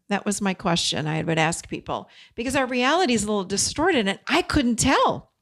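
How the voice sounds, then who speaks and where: A woman's voice: mid-range voice, animated, a little fast, a bit bright. Earnest, direct woman podcast host. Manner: earnest, direct coaching with personal anecdotes; chatty, frequent "you know". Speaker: podcast host and codependency coach. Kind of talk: advice podcast monologue.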